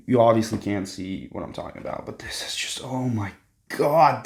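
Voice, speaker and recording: Excitable young man with gravelly voice. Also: fairly low pitch, moderate pace. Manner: excitable, swears often, jumps between hushed whispers and squeals. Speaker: vlogger. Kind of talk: casual unboxing commentary.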